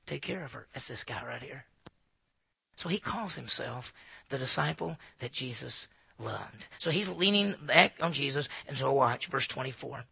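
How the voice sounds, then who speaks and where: A man preaching an expository sermon in an animated way, acting out asides in hushed voices. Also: mid-range voice, moderate pace, gravelly, husky, dry recording. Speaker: pastor.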